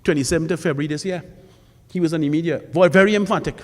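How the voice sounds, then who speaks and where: In a college forum hall with a long reverberant tail, a man on the panel delivers a public speech in a fairly high voice at a very fast clip. His style is forceful and rhetorical, with repetition used to underline his points.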